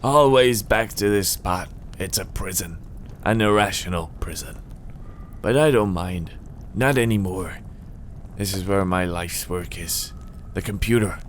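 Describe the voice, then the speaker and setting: A man's voice: deep voice, measured pace, slight background noise. A man doing a rambling absent-minded old scientist. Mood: resigned. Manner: mumbling, meandering, half-singing, slipping into a bad Irish lilt. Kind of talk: let's play dialogue reading.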